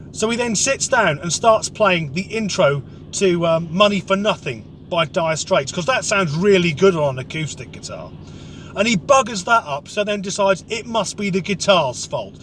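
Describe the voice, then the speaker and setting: A man's voice: high-pitched, expressive, moderate pace, fairly bright tone, slight background noise. A man telling a comic rant story, sweary, sarcastic and exasperated. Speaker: comedic vlogger.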